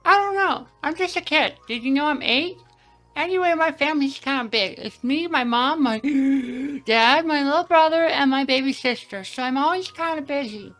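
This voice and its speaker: A woman voicing an eager, chatty eight-year-old boy in a video game, with a high, excited childlike voice. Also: moderate pace, faint music behind.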